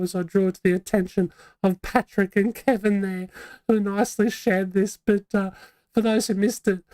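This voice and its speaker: Chatty woman, mellow and dry. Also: medium pitch, dry recording. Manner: chatty and rambling, many fillers and restarts. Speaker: vlog host. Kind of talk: casual live-stream chat.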